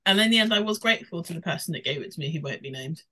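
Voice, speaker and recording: A woman co-hosting a chatty podcast, quick with asides and laughing often. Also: fairly low pitch, lively intonation, crowd noise. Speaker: podcast co-host. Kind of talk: casual chat.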